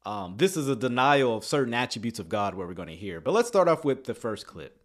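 Man, casual commentary, animated pitch, laughs a lot, loud bursts then mutters. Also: brisk. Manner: chuckles often, jumps between quiet asides and excited outbursts. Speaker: commentator reacting to clips.

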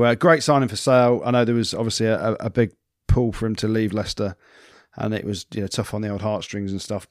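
A man's voice: on the low side, no echo, clean studio sound. A man co-hosting a podcast in casual banter, enthusiastic and chatty. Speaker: podcast co-host.

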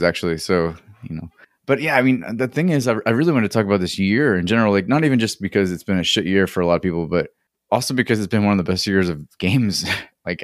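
Deep-voiced male podcast host. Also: dry recording, studio quality. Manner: easygoing, repeats words at starts. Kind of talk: relaxed podcast chat.

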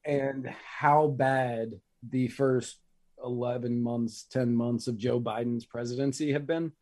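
A man's voice: medium pitch, fairly even intonation, slow, a little mellow. A man co-hosting a casual political commentary show, joking and bantering with his partner. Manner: joking, bantering, laughs at his own jokes. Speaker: co-host.

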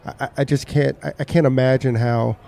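A man's voice: mid-range voice, fairly even intonation, a little fast, vocal fry, warm tone. A man interviewing a guest, earnest, repeating words as he searches for what to say. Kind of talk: interview conversation.

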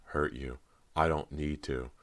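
A man voicing a cold, cruel ghost of a teenage girl, speaking flatly and slowly with quiet mockery. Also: extremely low pitch, no room sound, exaggerated voice. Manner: flat, cold, slow and mocking.

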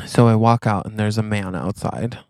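A man's voice: on the low side, vocal fry, darkish tone, dry recording, studio quality. A young man co-hosting a comedy podcast, improvising a silly story and acting out the dialogue of both characters. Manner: acts out both sides of a made-up scene, quick asides. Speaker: podcast co-host.

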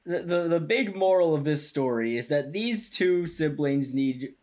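Wry man with a slightly high voice. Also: lively intonation, a little slow, a little mellow. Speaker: podcast co-host. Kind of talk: casual chat recapping a TV episode.

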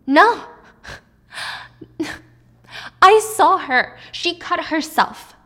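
A woman's voice: extremely high pitch, lively intonation, extremely slow, bright, forceful tone, pitched above the performer's own voice, full character voice. A woman voicing a frightened young wife who pleads to be believed, distraught and insistent. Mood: distraught pleading.

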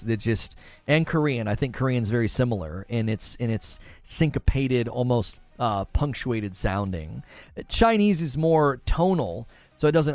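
A man with a medium-pitched voice hosts a live stream, recorded without echo. He chats casually, reads viewer comments aloud, and laughs often.

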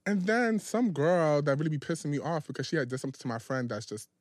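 A man's voice: a little high, quick pace, dry recording, studio quality. A man co-hosting a podcast, telling stories in casual chat with a sassy, profane manner. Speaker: podcast co-host.

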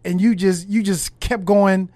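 Guy hosting a podcast, high voice, dry close sound, kinda halting and thoughtful. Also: steady tone, dark tone, no room sound. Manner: reflective, halting, with many restarts. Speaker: podcast host. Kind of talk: casual conversation.

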